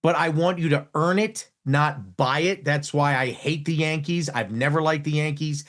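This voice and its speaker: A man hosting a radio talk show, chatting casually in an animated, exasperated way, with frequent restarts. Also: on the high side, moderate pace. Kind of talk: casual on-air banter. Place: radio studio.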